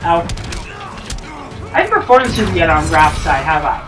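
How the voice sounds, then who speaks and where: A man's voice: fairly high pitch, big pitch swings, normal speed, echoey room, far from the mic, over music, low-quality recording. A man rambling through casual gameplay commentary while playing a fighting game. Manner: rambling, chatty. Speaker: let's play gamer.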